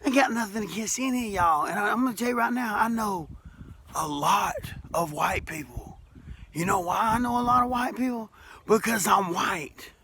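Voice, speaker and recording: Casting: middle-aged Alabama working man, folksy and emphatic monologue, bright forceful voice. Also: sits high, normal speed, slight background noise. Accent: Southern US, Alabama. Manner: folksy, plainspoken, repeats himself, rising to emphatic. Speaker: masonry worker speaking to camera. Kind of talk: impassioned monologue to camera.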